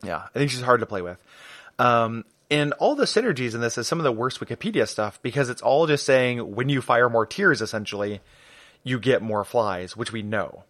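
A man's voice: medium pitch, lively intonation, moderate pace, a bit bright, no echo, studio quality. A man co-hosting a podcast in casual chat, tired and goofy, now and then breaking into silly singing. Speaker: podcast co-host.

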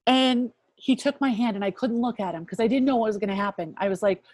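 A woman in her fifties sharing a personal faith testimony as an interview guest, earnest and reflective, often dropping to a hushed voice. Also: fairly high pitch, fast talker, no room sound. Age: 50s.

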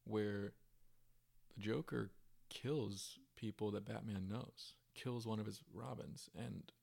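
Podcast co-host, male, gravelly and monotone, earnest rambler. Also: fairly low pitch, slow pace. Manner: earnest, rambling with many fillers. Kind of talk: casual chat.

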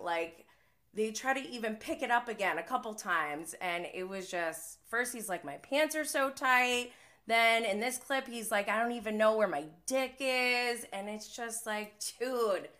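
A woman's voice: mid-range voice, sharp tone. A woman hosting a casual live-stream recap of a reality show, chatting loosely with many "like"s and frequent laughter. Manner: chatty, heavy use of "like", often laughing.

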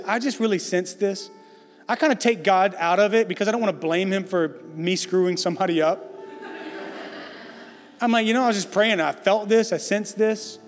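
A high-pitched middle-aged male pastor preaching with emphatic, conversational energy. His voice rings out through a large church hall with a long reverb. Soft music plays faintly underneath. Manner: emphatic, conversational preaching with self-deprecating jokes. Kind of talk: sermon.

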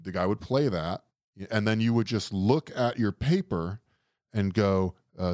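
Wry low-voiced man telling stories. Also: measured pace, darkish tone, no room sound, clean studio sound. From New Orleans. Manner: wry, rambling, laughs at own stories. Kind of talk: casual storytelling chat.

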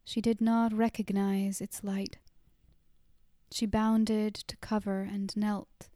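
A woman narrating a story in a soft whispered role-play, hushed and unhurried. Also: medium pitch, little pitch movement, no echo, clean studio sound.

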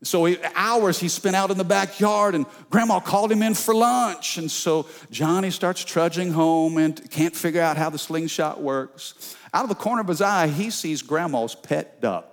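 Pastor guy preaching, kinda high voice, animated stories, big echoey sanctuary. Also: moderate pace. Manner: storytelling, animated, calling out to the congregation. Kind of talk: sermon. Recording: long church reverb.

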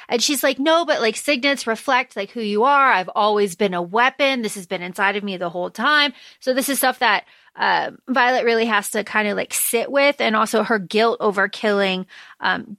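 A woman's voice: fairly high pitch, moderate pace, fairly bright tone, no room sound. A woman co-hosting a podcast, chatting casually and eagerly about a book, with plenty of fillers. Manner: enthusiastic, chatty, lots of fillers. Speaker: podcast co-host.

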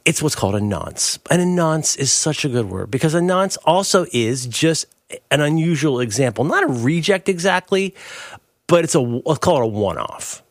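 Playful middle-aged man, lively riffing. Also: a little high, normal speed, no room sound, clean studio sound. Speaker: podcast co-host. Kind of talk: casual chat.

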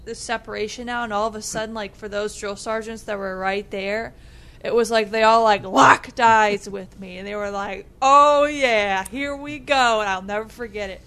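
A young adult woman co-hosting a podcast tells a story in casual chat, animated and laughing, leaning heavily on "like" as a filler. Her voice is mid-range and her speed normal.

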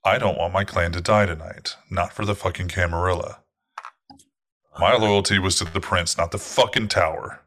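A man's voice: sits low, fairly even intonation, normal speed, a bit bright. A man playing a foul-mouthed vampire clan leader woman. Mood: furious. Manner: profane, blunt, aggressive. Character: fierce, angry female vampire clan leader.

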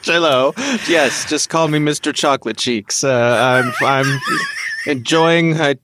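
A man's voice: on the high side, measured pace, a bit bright. A man from the US, a guest on a podcast, chatting easily and explaining things. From United States. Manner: easygoing, explanatory, chuckling. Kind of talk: casual podcast chat.

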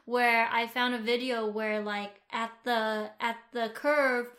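A woman's voice: fairly high pitch, fairly even intonation, takes it slowly, fairly bright tone. A woman from the United States co-hosting a casual chat, rambling a little, with many fillers and restarts. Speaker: podcast co-host.

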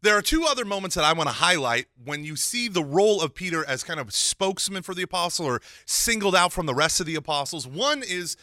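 A man giving a lively Catholic teaching talk, mixing casual slang with scripture and acting out the dialogue he retells. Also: high voice, fairly quick, hardly any pauses, dry recording, studio quality. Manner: animated, acts out quoted dialogue.

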